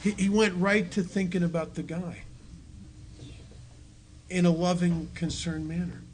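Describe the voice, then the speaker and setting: Speaking to a recovery group, a middle-aged man with a high, darkish, fairly even-toned voice takes his time, joking at his own expense and laughing along. His storytelling is conversational, full of restarts and asides to the audience, with a little hiss or hum underneath.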